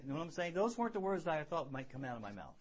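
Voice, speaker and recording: A man preaching a sermon and telling his own story earnestly, rising to loud emphasis and dropping to hushed lows, often repeating words as he builds. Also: very animated, rapid-fire. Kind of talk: sermon with personal testimony.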